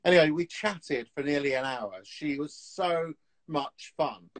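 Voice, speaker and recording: Chatty high-voiced man. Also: poor audio. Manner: chatty storyteller, animated, quick laughs. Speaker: TV antiques dealer, guest. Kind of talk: casual chat on a live video call. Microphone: phone on a live video call.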